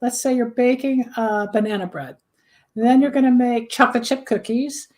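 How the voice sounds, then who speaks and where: A woman's voice: on the high side, steady tone, moderate pace, darkish tone. A woman hosting a talk show, chatty and explaining things with everyday kitchen examples. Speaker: host, candle magic practitioner. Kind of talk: casual talk show chat.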